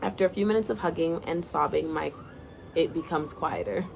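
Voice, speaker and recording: A woman's voice: sits low, fairly quick, vocal fry, slight background noise. A young woman casually reading her own first-person story aloud, now and then breaking off to comment and apologize.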